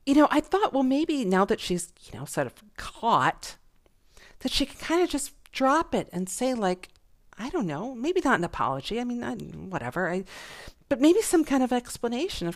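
A middle-aged woman hosts her own podcast in a casual solo monologue, chatty and gossipy and laughing often. Her voice is fairly high-pitched and animated, at a moderate pace.

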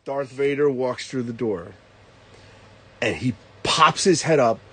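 Male co-host, storyteller who does loud sound effects, slow delivery. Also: mid-range voice, animated, breathy edge. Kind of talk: casual chat.

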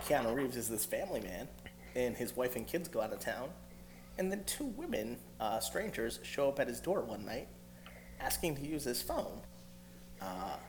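A man's voice: medium pitch, a little hiss or hum. A man telling a rambling movie story in a casual podcast chat, full of fillers and laughing asides.

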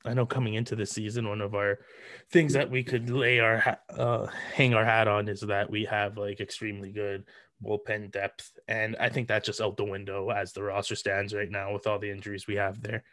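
A man hosting a sports podcast, chatting casually with halting speech and many fillers. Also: lowish voice, level tone, a bit bright, no echo. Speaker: podcast host.

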